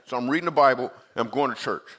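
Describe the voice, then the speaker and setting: Speaking rapid-fire in a mid-range, fairly bright voice, the Michigan comedian addresses a live church audience as guest speaker. He shares a personal story as a comedic sermon, playing out his own replies conversationally.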